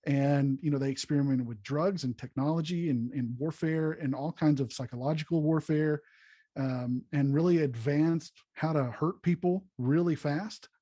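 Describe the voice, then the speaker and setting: A man's voice: a little high, normal speed, no echo. Upbeat man chatting on a podcast. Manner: animated, jumps into silly voices when retelling skits. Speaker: podcast co-host, pastor. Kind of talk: casual chat.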